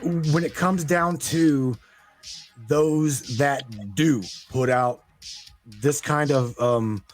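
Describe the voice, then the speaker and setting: A man's voice: fairly high pitch, drawn-out words, soft background music. A man hosting a call-in show, emphatic and often stammering, sympathetic to his guest. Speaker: host.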